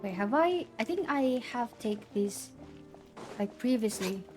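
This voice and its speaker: A woman's voice: a little high, animated, measured pace, a little mellow, soft background music. A woman streaming a game, chatting casually with frequent giggles and stammering restarts. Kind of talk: casual gameplay commentary.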